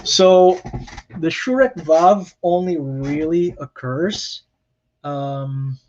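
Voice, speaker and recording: Slow-speaking man lecturing on grammar. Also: a little high, darkish tone, slight background noise. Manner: plain explanatory, many fillers and self-corrections. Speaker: Hebrew lecturer. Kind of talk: recorded lecture explaining Hebrew grammar. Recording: dull lo-fi lecture recording.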